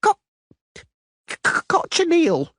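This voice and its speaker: A man voicing a shifty male doppler who is posing as a halfling merchant and stammers through lists in a high voice. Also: big pitch swings, moderate pace, breathy edge, heavily acted. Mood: nervous. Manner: stuttering, rattling off lists in a high voice.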